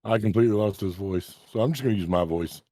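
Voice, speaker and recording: A man running a tabletop game as game master, relaxed and quick to laugh. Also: on the low side, no echo, studio quality.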